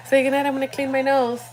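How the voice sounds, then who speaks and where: A young woman hosts a livestream from home at night, chatting casually and speaking straight to her viewers. She's animated and slangy, with a voice that sits high and a moderate pace.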